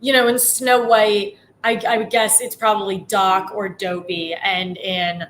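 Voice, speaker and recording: A woman's voice: medium pitch, flat delivery, unhurried, a bit bright, a little hiss or hum. Easygoing woman co-hosting a podcast. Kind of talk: casual chat.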